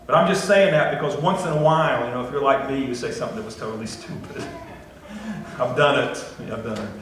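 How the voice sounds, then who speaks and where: Folksy preacher in an echoey church. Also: male voice, medium pitch, fairly quick, fairly bright tone, a little hiss or hum. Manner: folksy, conversational preaching with self-deprecating asides. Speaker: pastor. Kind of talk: sermon. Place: church sanctuary. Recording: echoey church recording from a distance.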